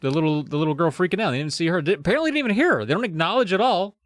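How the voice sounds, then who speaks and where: A man's voice: high voice, lively intonation, rapid-fire, no echo, studio quality. A man hosting a podcast, recapping a book chapter in a joking, rambling way with asides. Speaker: podcast host. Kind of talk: casual comedic book recap.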